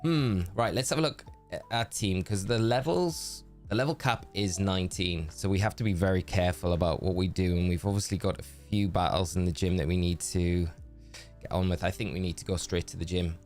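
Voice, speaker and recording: A man with a deep, low voice chats through his game stream, musing aloud about choices and greeting his viewers by name. Quiet game music plays faintly behind him. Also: steady tone, fairly quick. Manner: chatty, thinking aloud, greets chat. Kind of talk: casual game commentary.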